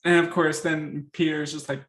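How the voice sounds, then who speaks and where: A man's voice: a little high, flat delivery, normal speed, a bit bright. A man chatting casually about a film in a laid-back way, often chuckling. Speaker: movie reviewer. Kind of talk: casual chat.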